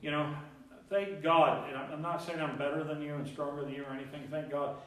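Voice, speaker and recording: A man preaching a sermon as pastor, animated, acting out voices from the Bible story. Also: on the high side, a little fast. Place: church sanctuary. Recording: very echoey church, mic at distance.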